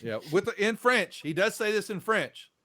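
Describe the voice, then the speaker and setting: A man's voice: high-pitched, sing-song, normal speed, a crowd in the background. A man, running a tabletop game in loose, rambling narration. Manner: loose, rambling, full of fillers and restarts. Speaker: game master.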